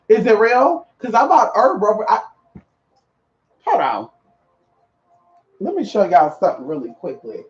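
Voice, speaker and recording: A man's voice: high-pitched, very animated, moderate pace, pauses often, highs cut off. A man chatting casually to viewers about spiritual practice, sassy and flamboyant, calling everyone girl and honey. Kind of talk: casual live chat.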